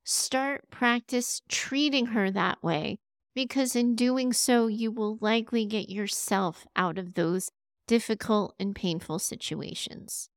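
A woman hosts an advice podcast, speaking warmly and directly to her listeners and laughing now and then. Her voice is fairly high and she takes her time. The studio-quality recording has no echo.

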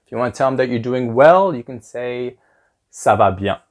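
A man's voice: medium pitch, lively intonation, normal speed. A man hosting a podcast language lesson as a teacher, upbeat and repeating phrases with exaggerated rising intonation.

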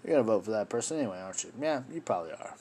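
A man's voice: on the low side, animated, rapid-fire, warm tone, slightly rough. A man hosting a solo podcast, talking in an impassioned, rambling way, swearing and addressing his listeners as folks. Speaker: podcast host. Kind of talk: solo political podcast rant.

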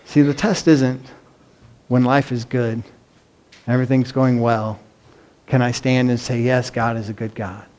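A man's voice: medium pitch, fairly even intonation, measured pace, pauses often, darkish tone. A middle-aged man preaching a sermon in an earnest, emphatic way, often asking the congregation rhetorical questions. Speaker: pastor.

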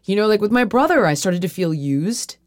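Speaking a little fast with lively intonation, a middle-aged podcast host in a mid-range voice has a candid personal conversation. She's frank and confessional, using "like" a lot and cursing freely. The sound is dry and studio quality.

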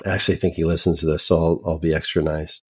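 A man with a notably low voice tells stories as a podcast guest. He talks in a loose, chatty way. He pokes fun at himself and laughs easily between thoughts. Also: level tone, quick pace, a little mellow, breathy edge. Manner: chatty and self-deprecating, laughs while telling stories. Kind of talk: casual storytelling interview.

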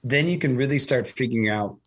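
A man's voice: medium pitch, fairly quick, breathy edge. A man talking casually as a host, telling a long story with lots of fillers and restarts. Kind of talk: casual conversation.

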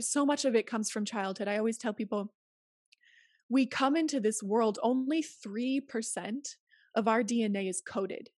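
Earnest woman with a higher, dry voice. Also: a little mellow, no echo. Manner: earnest, emphatic, advice-giving. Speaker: podcast guest. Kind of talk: casual conversational interview.

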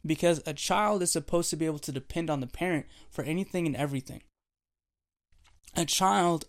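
A young man preaching a devotional sermon, telling a childhood story with animated, playful delivery. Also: on the high side, gravelly. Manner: animated storytelling, acting out voices and laughing.

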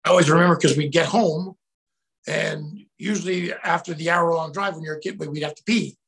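Middle-aged male guest, gravelly and fairly high, animated storyteller who shouts out his quotes. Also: moderate pace. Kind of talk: casual storytelling.

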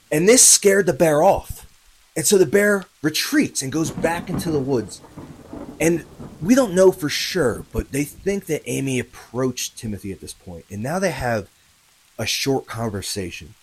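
A medium-pitched man narrates a true story on his podcast in a relaxed, conversational tone, addressing listeners directly and leaning on fillers and tag questions. At tense moments he speeds up the urgency and raises his volume. The recording is low quality with slight background noise.

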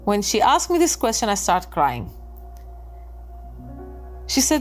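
A woman's voice: mid-range voice, huge pitch swings, measured pace, soft background music. A woman giving an emotional personal testimony in non-native English, earnest, acting out quoted dialogue and often stumbling over and repeating words. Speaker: storyteller recounting her conversion.

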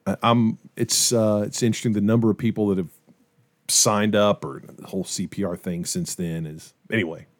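A middle-aged man, a pastor, casually telling a story to his co-hosts with lively acted-out quotes. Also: lowish voice, moderate pace, no echo. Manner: animated storyteller, acts out quoted voices.

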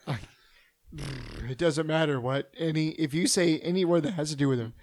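A man's voice: on the high side, normal speed, darkish tone, dry recording, studio quality. A man co-hosting a podcast in casual banter, giggly, squeamish and teasing. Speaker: podcast co-host.

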